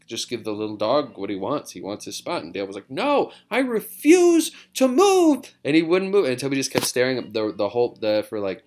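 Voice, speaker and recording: A man, a comedian, chatting casually and rambling from his living room, drifting between digressions with self-mocking humor. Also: mid-range voice. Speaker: comedian vlogger.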